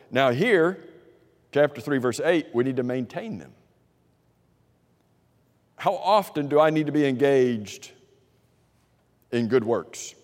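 Guy teaching bible class, asks the room questions and repeats answers, lots of reverb in the hall. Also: fairly high pitch. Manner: conversational, with frequent restarts and fillers.

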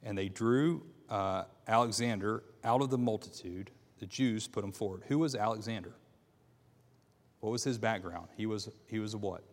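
A man teaching a Bible class, reading scripture aloud in a halting way with many fillers and restarts, and asking his class questions. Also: on the low side. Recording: long reverb in a hall.

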